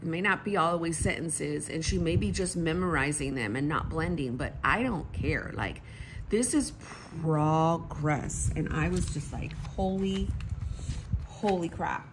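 A woman's voice: sits low, lively intonation, unhurried, background noise. A woman, chatting casually to viewers and to herself as she fills in her planner. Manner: chatty, talks to herself while writing. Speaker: planner vlogger.

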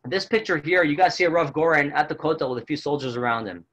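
A man's voice: a little high, quick pace, fairly bright tone, low-quality recording. A man giving a virtual tour as a guide, telling a story earnestly and often repeating words as he goes.

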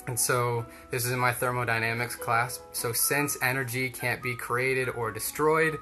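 A man's voice: mid-range voice, flat delivery, normal speed, music in the background. A young man giving a casual storytelling talk, rambling and chatty with lots of fillers.

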